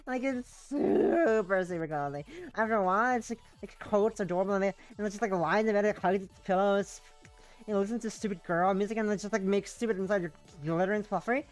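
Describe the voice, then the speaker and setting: A woman's voice: medium pitch, a little fast, soft background music, close to an everyday voice. A woman reading a game's text as a giddy, clingy, obsessive girl, rambling with lots of "like". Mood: giddy dreamy. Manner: breathless valley-girl rambling, full of "like".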